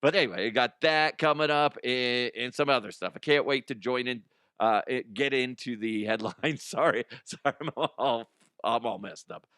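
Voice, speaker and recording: A man's voice: medium pitch, normal speed, pushed and bright, clear, resonant tone, no echo, studio quality. A man hosting a comedy podcast in casual, rambling chat, laughing often and swearing. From Colorado. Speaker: podcast host.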